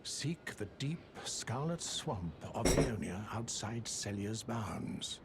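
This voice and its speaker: An actor playing a solemn old male sage in a fantasy game, speaking in a measured, formal way. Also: fairly low pitch, big pitch swings, very noisy, heavily acted. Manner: measured, formal, grave delivery.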